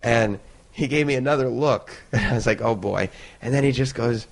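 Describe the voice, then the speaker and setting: A man who is a guest on a podcast, telling stories in an animated way and laughing often. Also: medium pitch, moderate pace, creaky. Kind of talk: casual storytelling.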